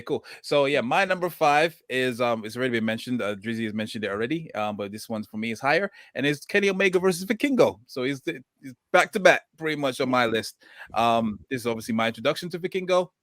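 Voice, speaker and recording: A man's voice: medium pitch, fairly quick, fairly bright tone, no room sound, studio quality. A man hosting a casual podcast chat, talking hesitantly with many ums and restarts. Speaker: podcast host.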